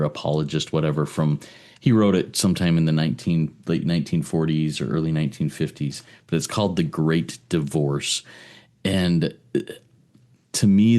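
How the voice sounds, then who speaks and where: A man's voice: rumbling low, darkish tone. A man co-hosting a recovery podcast, speaking earnestly and repeating words as he gathers his thoughts. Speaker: podcast co-host, sponsor. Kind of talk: casual recovery podcast chat.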